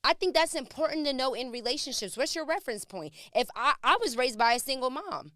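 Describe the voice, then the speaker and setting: A woman's voice: sits high, animated, a little fast, bright, forceful tone, dry recording. A woman co-hosting a podcast in a studio, talking in casual chat and firing off emphatic, repeated questions. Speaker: podcast co-host. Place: podcast studio under hot lights.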